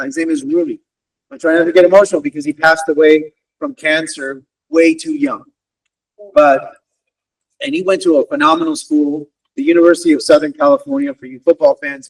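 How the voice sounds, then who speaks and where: A man giving a motivational career talk to students, engaging them and often checking in with "okay?" and "right?". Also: fairly high pitch. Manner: addresses listeners as "guys". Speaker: guest career speaker, wealth advisor. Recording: distant mic on a virtual event.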